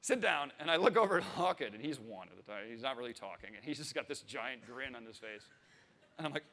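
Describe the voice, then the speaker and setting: A man's voice: medium pitch, expressive, quick pace, bright, forceful tone, long reverb tail, a little hiss or hum. A man in his thirties telling a comic story on stage, swearing and acting out the voices of the people in it. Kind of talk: comic personal anecdote to a live audience.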